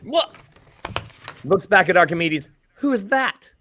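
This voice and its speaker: A man voicing a female demon, a succubus, who speaks in a teasing, drawn-out way. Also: high voice, very animated, pushed and bright, slight background noise, heavily acted. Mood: suspicious.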